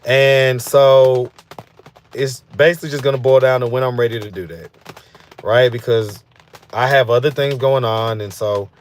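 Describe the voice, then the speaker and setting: The host of a street interview channel runs a live stream, loosely rambling through viewer comments in casual chat and leaning on fillers like "you know what I'm saying." His medium-pitched voice keeps a moderate pace and fairly even intonation.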